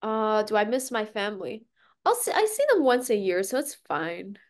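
A woman's voice: mid-range voice, very animated, moderate pace. Breezy young woman with American accent. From Beijing, China. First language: Mandarin Chinese. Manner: breezy, laughing, offhand. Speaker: content creator, guest. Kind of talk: casual interview.

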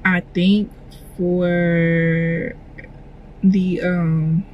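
A woman's voice: lowish voice, flat delivery, very slow, highs cut off, slight background noise. A young woman chatting casually in a vlog from a parked car, full of fillers and gushing feeling. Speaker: vlogger and clothing designer.

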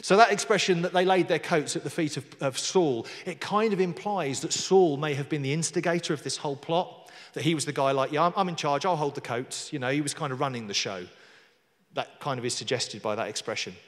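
A brisk man with a slightly high voice delivers a chatty sermon in a church hall, tossing in jokey asides and reading scripture aloud with emphasis. The hall's long reverb is audible throughout.

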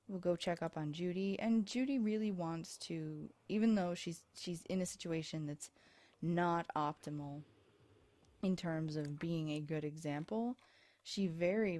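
A low-pitched woman with a mellow, warm tone talks through her game as she plays. She sounds worn out, rambling and joking at her own expense. She records on a USB microphone. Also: no echo. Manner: chatty, rambling, self-deprecating. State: tired. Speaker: let's play host. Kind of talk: casual gameplay commentary.

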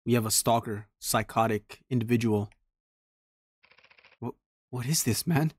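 A man's voice: medium pitch, a little slow, no echo. Man chatting through a horror game. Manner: talks to himself, reads game text aloud. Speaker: streamer playing a horror game. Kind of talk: casual let's-play commentary.

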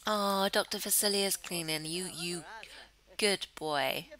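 A woman chatting excitably through Let's Play commentary, giggling often. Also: fairly low pitch, takes it slowly, poor audio. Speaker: gamer host.

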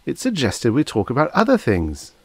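A man's voice: mid-range voice, wildly swooping pitch, moderate pace, slightly rough, no room sound, voice pushed up, heavily acted. A man voicing an earnest young male crewman who explains things eagerly in a science fiction audiobook.

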